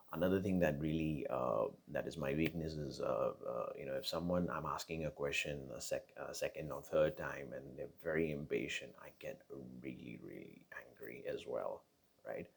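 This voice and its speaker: A man's voice: a bass voice, gravelly, slightly rough. A man giving casual relationship advice in a conversational monologue, with many fillers, restarts and frequent "right?" tag questions.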